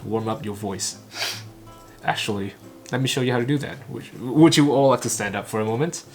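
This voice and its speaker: Man shadowing a talk haltingly. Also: mid-range voice, soft background music. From Vietnam. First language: Vietnamese. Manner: halting, clipped phrases with frequent stumbles and restarts. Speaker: English learner and channel host. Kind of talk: shadowing a recorded talk line by line.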